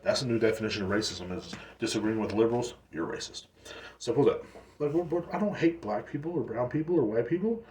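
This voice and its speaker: A man's voice: mid-range voice, fast talker, a little mellow, recorded from a distance, slight background noise. A man hosting a solo podcast, ranting in a profane, rambling way with frequent restarts. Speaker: podcast host. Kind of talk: casual solo podcast rant. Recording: echoey room, off-mic.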